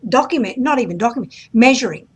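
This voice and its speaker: A woman's voice: on the high side, expressive, fast, husky. A woman hosting an interview, reflecting on the guest's story and affirming it. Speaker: host. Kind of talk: interview conversation.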